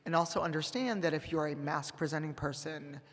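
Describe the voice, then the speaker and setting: A woman's voice: low voice, a little fast. A woman in her fifties speaking on a convention panel, blunt and sassy as she gives advice. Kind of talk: candid convention panel talk. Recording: reverberant convention hall.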